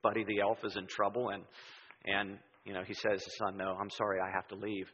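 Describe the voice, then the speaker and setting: A man preaching a sermon in a church, telling stories in an animated way and acting out the voices he quotes. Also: fairly low pitch, a little fast, breathy edge. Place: church sanctuary. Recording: dull sound with long hall reverb.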